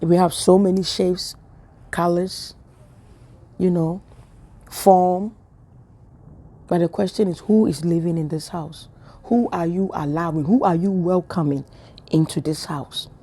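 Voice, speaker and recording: Woman, low mellow voice, casual preacher, keeps hammering rhetorical questions. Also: steady tone, measured pace, pauses often. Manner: playful, joking asides. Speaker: online preacher. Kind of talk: casual spiritual message to camera.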